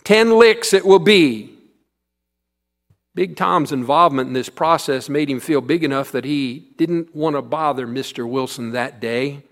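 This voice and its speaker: A man's voice: mid-range voice, moderate pace, few pauses, fairly bright tone. A male pastor delivering a sermon, telling a story in an earnest way.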